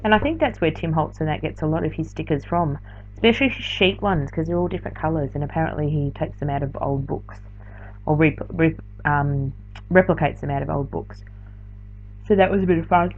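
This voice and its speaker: A woman's voice: sits low, a little fast, slight background noise. A tired woman, chatting casually through a late-night craft tutorial voiceover, rambling and correcting herself as she goes. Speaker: art journaling teacher. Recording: slightly dull lo-fi sound.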